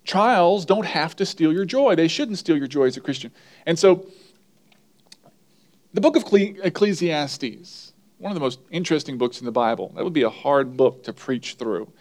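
Male pastor, sermon delivery, talks with the room and repeats key lines, voice a bit high. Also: expressive, normal speed. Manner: conversational, asks the congregation questions. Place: church.

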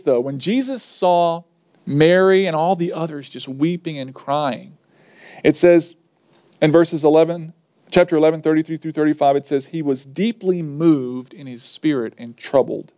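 A man's voice: a little high, darkish tone. A man preaching a sermon, earnest and emphatic, sometimes acting out the people he quotes. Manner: earnest, varied emphasis, acts out quoted speakers.

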